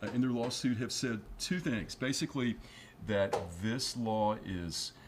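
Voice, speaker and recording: A man's voice: medium pitch, unhurried, background noise. A man, an attorney guest on a studio news interview, explaining at length with frequent fillers and restarts.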